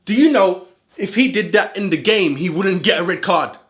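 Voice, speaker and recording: A man's voice: sits high, animated, normal speed. A man giving heated reaction commentary as a football fan vlogger, ranting in street slang. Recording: roomy echo.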